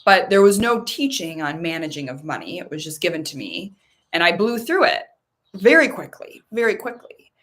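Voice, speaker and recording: A married woman hosting a guided tapping meditation. She speaks in slow soothing prompts, then tells her own story in a lively, chatty way. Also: on the low side. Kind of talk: guided meditation and personal talk.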